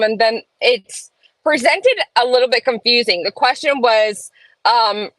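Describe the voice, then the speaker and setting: A woman's voice: on the high side, normal speed, a bit bright, no echo, poor audio. Chatty woman streaming from home. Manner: chatty, reads chat aloud, opinionated asides. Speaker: livestream host. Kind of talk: casual live-stream chat. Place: home room.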